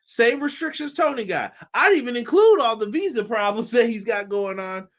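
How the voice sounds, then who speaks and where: A man's voice: extremely high pitch, animated, moderate pace, a bit bright. A man hosting a casual wrestling review show, talking loosely with laughs, curses and mock voices. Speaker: wrestling podcast host.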